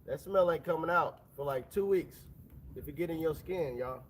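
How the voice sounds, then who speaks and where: A man's voice: a little high, moderate pace, slight background noise. A man with a stuffy nose from a sinus infection, chatting casually to his livestream viewers while fishing outdoors. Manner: chatty, addresses viewers as y'all. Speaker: fishing vlogger. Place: outdoors by the water.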